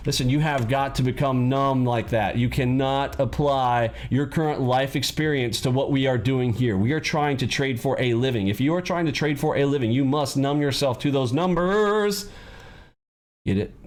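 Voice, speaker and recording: A man's voice: mid-range voice, expressive, moderate pace. Blunt, preachy male trading coach. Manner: blunt, preachy, lecturing the audience directly. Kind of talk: live trading lesson with pep talk.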